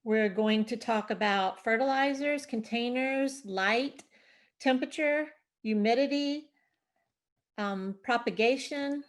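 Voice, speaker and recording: A woman's voice: fairly high pitch, slow. A woman presenting an online gardening workshop on a video call, explaining in a chatty, informal way with fillers. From Delaware, USA.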